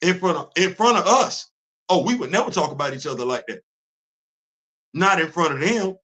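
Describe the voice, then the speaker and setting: A man hosts a casual livestream, pressing his points with emphatic repetition. His voice sits a bit high with a bright, forceful edge. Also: lively intonation, moderate pace. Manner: emphatic, preachy, repeats himself. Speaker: host.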